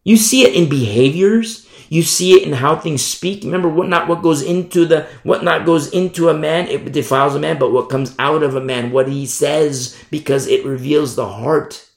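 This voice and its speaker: A man preaching a sermon as pastor, emphatic, swinging from loud declarations to hushed asides and mimicking sinners' excuses. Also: on the high side, moderate pace, vocal fry, hardly any pauses, echoey room.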